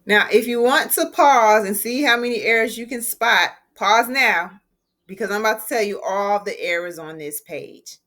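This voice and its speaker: A woman's voice: medium pitch, fairly bright tone. Woman teaching a writing lesson. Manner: clear, deliberate, emphatic explaining. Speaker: English teacher.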